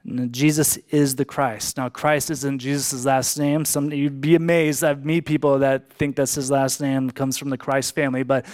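A man preaching a sermon as a pastor, emphatic, repeating key lines for emphasis. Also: mid-range voice.

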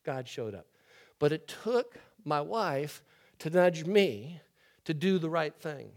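An older man, the pastor, preaching a sermon with a chatty storytelling manner, swinging from loud lively stretches to quiet low ones. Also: takes it slowly.

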